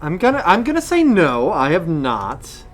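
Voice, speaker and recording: A man's voice: fairly high pitch, huge pitch swings, normal speed. A man co-hosting a casual gaming podcast, easygoing and adding wry asides. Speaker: podcast co-host.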